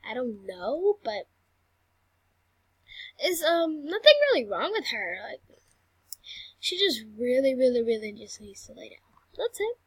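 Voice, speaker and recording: A woman's voice: high-pitched, sing-song, a little slow, long pauses, slightly rough, no echo. A woman chatting through a game role-play, often dropping into whispered asides.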